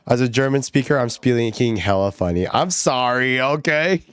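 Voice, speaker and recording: A man's voice: mid-range voice, animated, unhurried, fairly bright tone, clear, resonant tone, no room sound. Giggly rambling male streamer. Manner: giggly, rambling, many fillers. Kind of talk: casual livestream chat.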